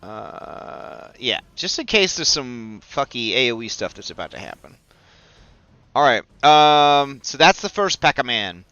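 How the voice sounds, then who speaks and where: Slow, bright-voiced male player. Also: mid-range voice, no echo, lo-fi sound. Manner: excitable and chatty. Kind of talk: playing a tabletop game.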